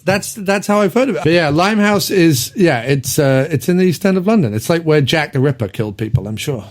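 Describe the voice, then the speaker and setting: A man talking through an old film in a loose, casual podcast chat. His voice sits a bit high for a man, and he rambles, filling gaps with ums and breaking into laughs. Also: lively intonation, a little fast. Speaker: podcast host. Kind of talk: casual movie review chat.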